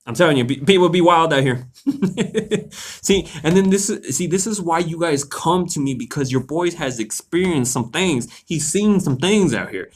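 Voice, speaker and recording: A man hosting a live Q&A, casually telling a story to his viewers, animated, laughing often and swearing freely. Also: fairly high pitch, moderate pace. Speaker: host of a live Q&A stream.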